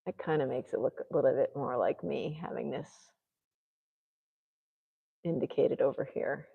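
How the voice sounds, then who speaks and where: A woman's voice: rumbling low, normal speed, vocal fry, slightly rough, long reverb tail, narrow, tinny audio. A woman painting a self-portrait on a live stream, chatting casually and thinking aloud as she works. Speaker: artist livestreaming a painting session. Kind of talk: casual chat while painting.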